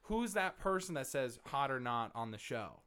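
A man's voice: medium pitch, very animated, moderate pace, fairly bright tone, clear, resonant tone. A man co-hosting a podcast, bantering with jokes and swearing. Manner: joking, profane banter. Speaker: podcast co-host. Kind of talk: casual chat.

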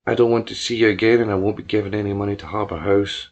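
Guy reading as a curt young billionaire, flat and cold, bit gravelly. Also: lowish voice, fast talker, dull audio, voice pushed down.

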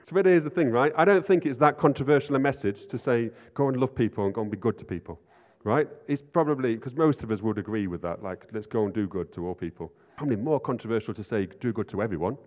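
A man's voice: medium pitch, expressive, fast, few pauses. A man preaching an informal sermon, chatty and self-deprecating, often asking "right?". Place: church hall. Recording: lo-fi sound in a reverberant hall.

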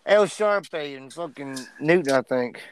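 A man's voice: on the high side, expressive, unhurried, a crowd in the background. A young man from North Carolina, co-hosting a podcast in loose, profane, joking casual chat. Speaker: podcast co-host.

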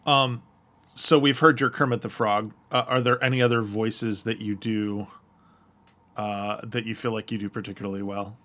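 Brief: male podcast co-host, casual and self-deprecating, lowish bright voice. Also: little pitch movement, moderate pace. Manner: hesitant, self-deprecating, many fillers. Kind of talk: casual chat.

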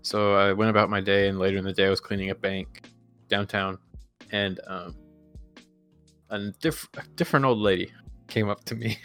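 Lowish-voiced man, laughing storyteller. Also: steady tone, moderate pace, long pauses, fairly bright tone, clear, resonant tone, faint music behind. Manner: rambling storyteller, laughs often. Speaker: podcast co-host. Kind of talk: casual chat.

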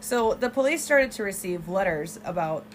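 A young woman co-hosting a casual true-crime podcast, telling the story in an animated way with swearing and side remarks. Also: mid-range voice, moderate pace, slight background noise. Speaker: podcast co-host.

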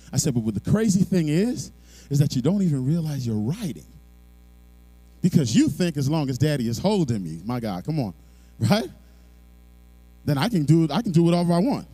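A middle-aged man preaches with a high, animated voice that swings widely in pitch. He drifts from hushed storytelling into shouted exhortation. The sound is dry and close, with no room echo. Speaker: pastor. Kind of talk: sermon.

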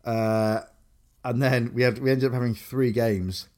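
A man's voice: medium pitch, fairly even intonation, a little slow, a little mellow. A young man from Grimsby, England, co-hosting a casual chat, rambling with lots of fillers and restarts. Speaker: podcast co-host.

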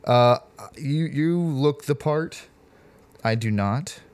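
A man's voice: mid-range voice, takes it slowly, a little mellow, smooth, dry recording. A man hosting a podcast in casual chat, teasing and blunt, with the odd swear. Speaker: podcast host.

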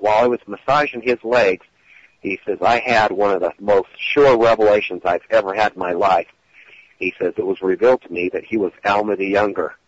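A man with a fairly low voice tells stories in a relaxed podcast chat, trailing off into hesitations and acting out the quotes. The sound is dry and close, with a dull, muffled quality. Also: no echo. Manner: rambling, with many hesitations and acted-out quotes. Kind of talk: casual podcast storytelling.

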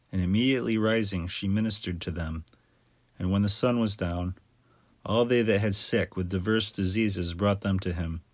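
Male scripture reader, solemn and measured; low voice, close dry sound. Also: dry recording. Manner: measured, steady reading cadence.

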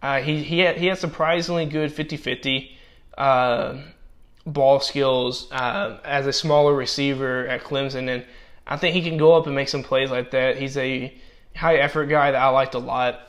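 A man's voice: mid-range voice, fairly even intonation, fairly bright tone. Guy rambling thru draft grades, voice cracking, lots of uh and restarts. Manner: halting, many restarts and fillers. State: losing his voice, voice cracking. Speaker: football draft analyst. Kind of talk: casual draft grades commentary.

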